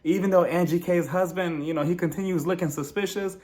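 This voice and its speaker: A man's voice: high-pitched, fairly even intonation, brisk, a little mellow. A man recapping a reality TV episode in a sassy, gossipy chat, laughing often between remarks. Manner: sassy and gossipy, mimics the cast in quoted lines. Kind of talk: casual recap commentary.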